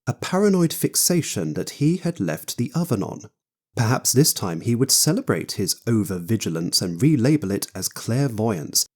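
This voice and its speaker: A man's voice: medium pitch, a little mellow. A man giving scripted audiobook narration as a wry, theatrical storyteller.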